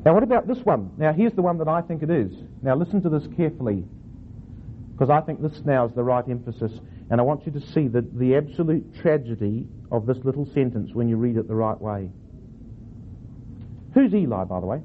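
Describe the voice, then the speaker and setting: A man teaching a class on how to read a scripture verse, reading it aloud slowly with different stresses and then questioning his listeners. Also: medium pitch, lively intonation. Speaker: Bible teacher. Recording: tinny phone-like recording with faint noise.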